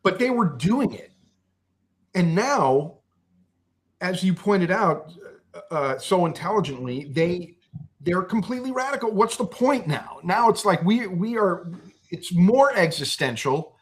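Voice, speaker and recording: A man's voice: sits high, big pitch swings, measured pace. A man speaking as a podcast guest in a heated political discussion, angry and impassioned, swearing and restarting his sentences.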